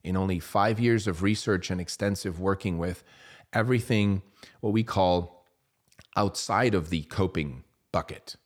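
Low-pitched man, earnest motivational speaker, persuasive with rhetorical questions. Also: a little slow. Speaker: parent giving a talk on parenting. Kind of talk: motivational monologue.

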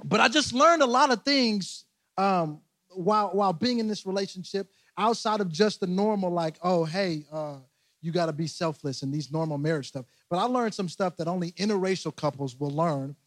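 A man's voice: high-pitched, normal speed, no room sound. A young man preaching a casual, humorous sermon as pastor, joking, laughing at himself and repeating phrases. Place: church service in a large room. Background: loud guitar music.

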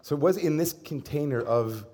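Storytelling rabbi, relaxed and conversational. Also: male voice, a little high, moderate pace. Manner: conversational storytelling with gentle humor. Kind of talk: sermon.

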